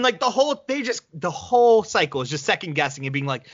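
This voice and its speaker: A man's voice: sits high, quick pace, few pauses, no room sound, highs cut off. A man co-hosting a podcast in casual chat, telling stories animatedly and slipping into voices. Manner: animated storyteller, slips into voices. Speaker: podcast co-host.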